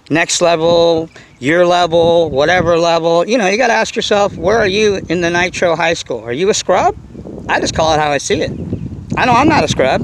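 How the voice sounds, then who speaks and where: A middle-aged man talks in a loose, rambling way as he hosts his RC car vlog outdoors, circling back and leaning on fillers. His voice sits a bit high for a man. A faint outdoor hiss runs underneath. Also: poor audio. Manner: rambling, repeats himself, fillers like you know. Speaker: RC car vlogger. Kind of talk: casual rambling vlog talk.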